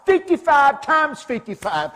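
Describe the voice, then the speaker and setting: A man preaching who quotes the Lord from a vision, speaking calmly and earnestly. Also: extremely high pitch, measured pace, voice pushed up, full character voice. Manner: gentle, earnest, at times pleading. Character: calm, serious male Lord speaking in a vision. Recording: long hall reverb.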